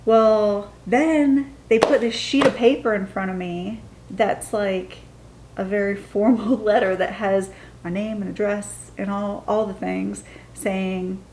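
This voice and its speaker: A woman's voice: mid-range voice, a little slow, a little hiss or hum. A woman in her thirties from the United States, telling a story in a casual, chatty way and acting out the quotes. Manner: chatty, animated, acts out the quotes. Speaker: storytime vlogger.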